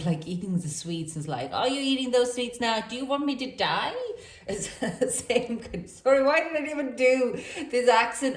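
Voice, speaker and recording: A woman's voice: deep voice, darkish tone. A woman speaking as a gives a rambling, chatty tarot reading full of fillers. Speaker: tarot reader. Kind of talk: casual tarot reading to camera. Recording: echoey room, distant from mic.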